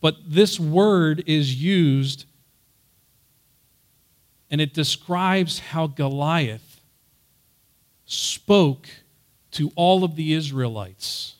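A man with a fairly high voice teaches a Bible passage in an earnest, sermon-like way, speaking slowly and pausing often. He grows loud when he reaches the quoted words he wants to emphasize.

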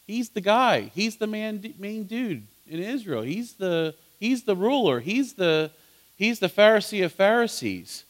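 A man teaching a Bible study as pastor, asking his listeners questions and swinging between loud emphasis and soft asides. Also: high voice.

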